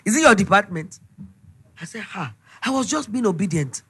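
A middle-aged woman with a Nigerian accent, giving an emphatic, animated preaching testimony. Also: medium pitch, normal speed, breathy edge. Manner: storytelling, emphatic, animated retelling.

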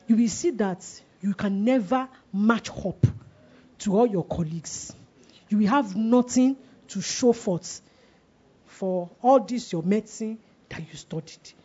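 A woman's voice: mid-range voice, a little slow, dark tone, breathy edge. A woman in her forties preaching a sermon, asking the congregation questions and letting them answer, with emphatic delivery. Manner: call-and-response questioning, emphatic. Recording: dull lo-fi recording.

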